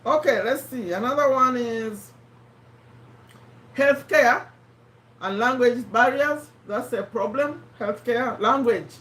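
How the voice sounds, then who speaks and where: Speaking slowly with long pauses, a Ugandan woman with a slightly high, fairly bright, strained and failing voice hosts a casual live stream. She is chatty, greets viewers by name, and repeats points, sounding roomy and far from the mic.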